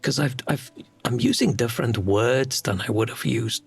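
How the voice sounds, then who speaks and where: South African streamer, Afrikaans first language, husky, easygoing and musing. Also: male voice, medium pitch, moderate pace, hardly any pauses, soft background music. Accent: South African English. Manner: rambling, musing aloud. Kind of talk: casual game-stream chat.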